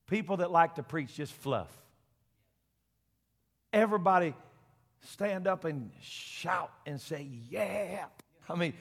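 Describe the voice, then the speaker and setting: A middle-aged man, preaching a folksy Pentecostal sermon that swings between quiet talk and loud shouting. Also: a little high. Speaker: senior pastor. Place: church sanctuary. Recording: long church reverb.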